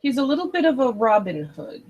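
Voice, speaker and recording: An animated co-host of a casual TV recap chat who often chimes in with quick agreements. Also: sits high, highs cut off.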